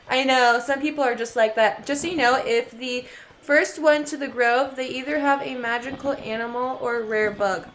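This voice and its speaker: A woman's voice: high-pitched, moderate pace, fairly bright tone, slight background noise. A woman streaming a game, chatting casually with viewers, giggly and chatty, who coos baby talk at her cat. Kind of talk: casual gaming livestream chat.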